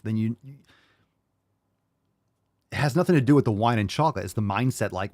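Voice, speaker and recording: A man hosts a live podcast and rants in a blunt, profane way. His voice sits at a middling pitch. The recording is dry, with no room sound around it. He mocks his listeners' excuses by slipping into put-on voices. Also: fast talker, pauses often, no room sound. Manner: mocking impressions of listeners. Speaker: podcast host.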